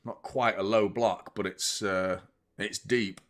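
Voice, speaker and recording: A man hosting a live football watchalong, chatting opinions and commenting on play, swearing freely and getting loud at big moments. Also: fairly low pitch, fairly even intonation, slow. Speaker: host of a football fan channel.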